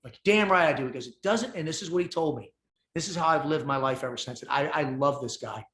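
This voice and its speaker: A man guest on a podcast, telling his story in casual conversation, intense and animated, swearing freely. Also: medium pitch, quick pace, a little hiss or hum. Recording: roomy echo.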